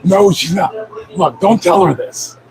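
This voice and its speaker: A male guest telling a story in casual chat, animated, jumping up into excited high shouts. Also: unhurried, gravelly, slight background noise, poor audio.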